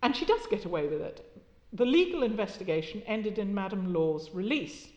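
A woman's voice: medium pitch, lively intonation, moderate pace, darkish tone, lo-fi sound. A woman giving an academic keynote lecture, with a wry, conversational delivery and occasional fillers. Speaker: keynote speaker. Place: lecture hall. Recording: echoey lecture hall.

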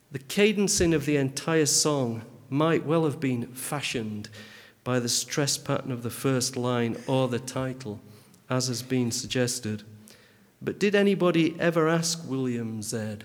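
A man reading a literary critique aloud in a measured, dry, pedantic manner. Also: medium pitch. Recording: long hall reverb.

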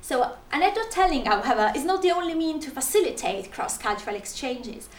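A woman's voice: sits high, lively intonation, a little fast, reverberant. A woman with a Russian accent, presenting an academic paper and reading it with frequent restarts and fillers. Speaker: conference presenter.

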